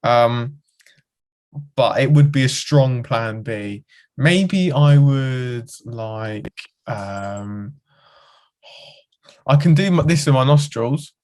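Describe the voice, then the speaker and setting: A man's voice: medium pitch, very slow, pauses often, a little mellow. A man co-hosting a podcast, chatting casually with enthusiasm and frequent giggles. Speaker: podcast co-host. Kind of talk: casual chat.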